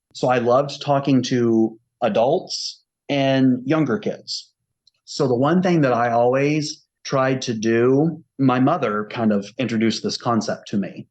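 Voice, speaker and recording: A man's voice: mid-range voice, a little mellow. Earnest man sharing his own experience to camera; casual, heartfelt delivery on a muffled lo-fi track. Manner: earnest, conversational, acting out quoted dialogue. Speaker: autistic self-advocate. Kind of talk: personal storytelling to camera. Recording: dull lo-fi recording.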